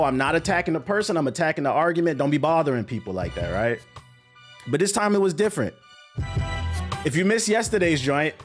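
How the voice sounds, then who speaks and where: A high-voiced young man talks straight to his stream. His manner is animated, slangy and profane, with a loose conversational flow. A faint music bed plays quietly behind him. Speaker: streamer and content creator. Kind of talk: casual stream commentary.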